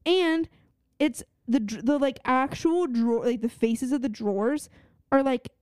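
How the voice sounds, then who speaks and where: A young woman with a high voice co-hosts a podcast in loose, chatty talk. She rambles with enthusiasm, filling her sentences with "like." She is recorded dry and close to the mic. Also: measured pace, darkish tone, clear, resonant tone, no echo. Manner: chatty, full of "like" fillers, enthusiastic. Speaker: podcast co-host. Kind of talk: casual chat.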